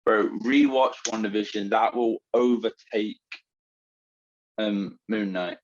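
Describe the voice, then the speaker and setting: A man's voice: fairly low pitch, fairly even intonation, takes it slowly, muffled recording, a little hiss or hum. A man co-hosting a podcast in casual chat, blunt and teasing, with strong opinions. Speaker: podcast co-host.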